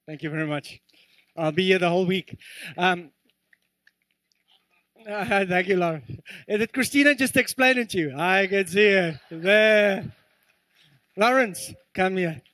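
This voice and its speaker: A man preaches from the pulpit with earnest, animated energy, slipping into joking asides. His voice sits high for a man. The sound is close and dry. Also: no echo. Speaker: pastor. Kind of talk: sermon. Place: church.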